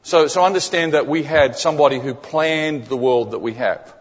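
A man with a husky voice preaches to a congregation, chatting with them and checking that they are following along. The sound carries a long reverb from the church hall. The recording is dull and lo-fi. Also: a little high, moderate pace. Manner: conversational, often checking in with the congregation; repeats key phrases for emphasis. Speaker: guest preacher. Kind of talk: sermon. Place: church sanctuary.

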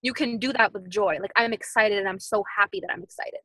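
A woman's voice: medium pitch, a little fast, dry recording, rough recording. A woman in her thirties, a podcast guest talking casually and animatedly, repeating her points like mantras. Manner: animated, repetitive motivational phrasing.

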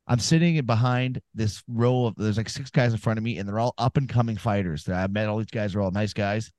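A man's voice: on the low side, a little fast, darkish tone, dry recording. A man co-hosting a casual sports podcast, telling rambling, profane stories and giving fight picks. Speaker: podcast co-host.

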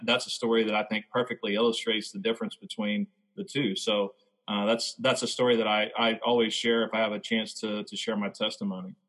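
Husky, forceful man telling his story. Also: mid-range voice, poor audio. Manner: reflective, halting storytelling. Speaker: podcast guest, former baseball player. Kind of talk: telling a personal faith testimony.

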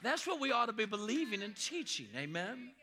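A man preaching from the pulpit with a high-pitched, bright, ringing voice. He slows right down to repeat his main points and reads scripture with weight. Between readings he drops into casual asides and asks the congregation for an amen. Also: sing-song. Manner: emphatic, repeats key lines slowly; reads scripture slowly and deliberately. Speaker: pastor. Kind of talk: sermon.

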